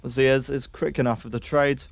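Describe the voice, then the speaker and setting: A gravelly, mid-range voice at normal speed carries this British caster's play-by-play of an online esports match. Excitable, he jumps up sharply whenever there's a kill and talks with stream viewers between rounds.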